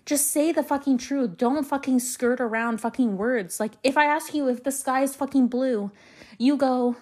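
A woman's voice: sits high, normal speed. Fiery, foul-mouthed young woman ranting. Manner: angry, heavy swearing, animated storytelling. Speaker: podcast host. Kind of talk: solo podcast rant.

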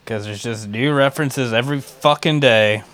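A man's voice: mid-range voice, moderate pace, a bit bright. A man in a casual podcast chat, self-deprecating and swearing freely.

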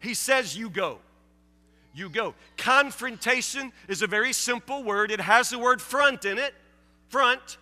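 In a big-sounding room, a preacher with a very high-pitched, pushed, bright voice delivers his sermon at a measured pace. He stresses his points by repeating key phrases and performs the objections his listeners might raise.

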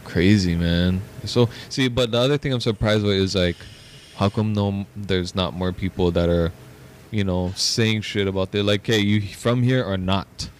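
A man's voice: on the low side, steady tone, moderate pace, slight background noise. A man with a Hawaii local accent in casual chat, talking in a heated, profane way.

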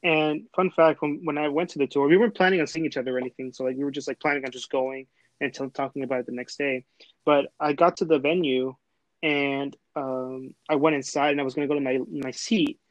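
A man's voice: a little high, fairly even intonation, fairly quick, no echo, dull audio. A young man from Texas, hosting a casual chat and telling a long, rambling story full of fillers and restarts. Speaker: host.

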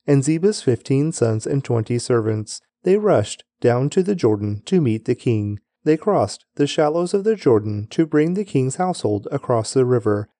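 A man reads scripture aloud at a measured, even pace, close to the mic. His voice is warm and mellow, and the dry room adds almost no echo. The reading is steady and unhurried throughout. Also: mid-range voice. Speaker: scripture reader.

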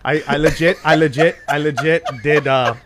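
Young male comedian guest, loose rambling storyteller, slightly raised pitch. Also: fairly even intonation, moderate pace, background noise. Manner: laughing storyteller, rambling with restarts. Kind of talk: casual podcast chat.

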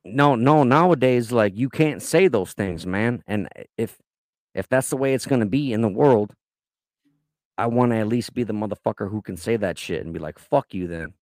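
A man co-hosting a podcast in casual chat, crude and profane, deliberately provocative. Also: mid-range voice, a little mellow, no room sound, studio quality. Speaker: podcast co-host.

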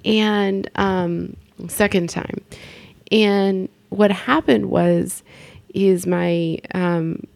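Woman talking real slow, kinda gravelly, lots of ums. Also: mid-range voice, steady tone, a little mellow. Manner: slow and hesitant, with fillers. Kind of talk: casual conversation.

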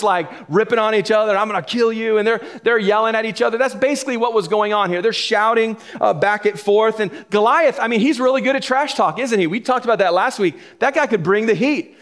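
A man's voice: high voice, a bit bright. A middle-aged man preaching a sermon from the pulpit in a casual, joking way. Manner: casual and joking, laughs between points. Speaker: pastor. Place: church sanctuary.

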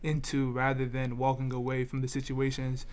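A man's voice: medium pitch, normal speed, slight background noise. Laid-back slangy man on a podcast. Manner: relaxed slangy talk with restarts and "you feel me". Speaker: podcast co-host. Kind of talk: casual podcast discussion.

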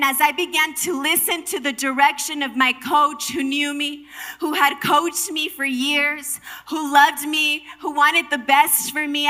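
A young adult woman preaching a sermon, telling stories with animated energy and dropping at times to soft whispers. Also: sits high.

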